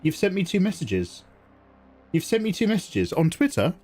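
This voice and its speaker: A man's voice: sits high, huge pitch swings, normal speed, darkish tone. A man chatting casually with viewers on a live art stream while drawing, playfully snarky and greeting people by name. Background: faint synth music.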